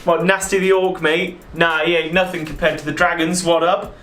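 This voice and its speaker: A man's voice: fairly high pitch, flat delivery, moderate pace, fairly bright tone, reverberant, lightly acted. A man putting on a cocky orc villain. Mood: scoffing.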